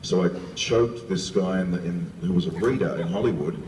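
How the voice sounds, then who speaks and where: A very deep-voiced man tells an animated, laughing story as a guest on a convention panel. He sounds distant from the mic in a big echoing hall, with long reverb trailing his words. A faint hiss sits underneath. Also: a little fast. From New Zealand.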